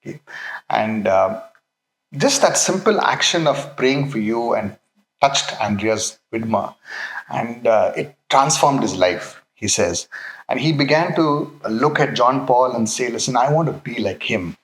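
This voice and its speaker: A man giving a Christian talk about work, speaking haltingly and often checking in with his listeners. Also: medium pitch, expressive, echoey room, poor audio. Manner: halting, many fillers and restarts, checks in with "okay". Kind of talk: faith talk with anecdote.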